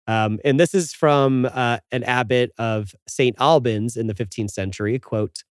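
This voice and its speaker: A man's voice: mid-range voice, a little slow, few pauses, no echo, clean studio sound. A man co-hosting a podcast, chatting casually and reading old curses aloud with playful, dramatic flair. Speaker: podcast co-host.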